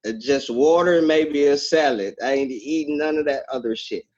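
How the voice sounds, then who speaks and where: A man, a farmer and activist, chatting casually on a podcast, easygoing and quick to laugh. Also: a little high, a little mellow. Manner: easygoing, laughs often, stumbles and repeats words. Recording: dull lo-fi sound.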